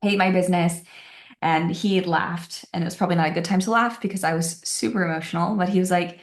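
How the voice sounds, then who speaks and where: A woman's voice: fairly low pitch, fast talker. A young woman hosting her own podcast, talking candidly and confessionally with frequent "like" fillers. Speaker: podcast host. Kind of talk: casual solo podcast talk. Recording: roomy echo.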